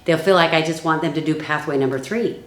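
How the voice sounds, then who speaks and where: A woman giving a calm training lesson for network marketing builders. She acts out the sales lines she uses. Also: low voice, quick pace, echoey room.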